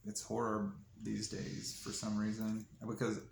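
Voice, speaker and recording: A man's voice: lowish voice, monotone, unhurried, gravelly, a little mellow. A man, co-hosting a podcast, chatting casually with dry teasing remarks. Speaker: podcast co-host. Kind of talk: casual chat. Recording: echoey room with faint noise.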